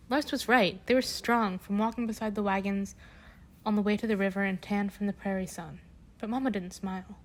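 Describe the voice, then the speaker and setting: A young woman reading a children's book aloud and breaking off into gushing, animated asides. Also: mid-range voice, a little fast, low-quality recording. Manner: gushing, animated asides between read passages. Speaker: book reader.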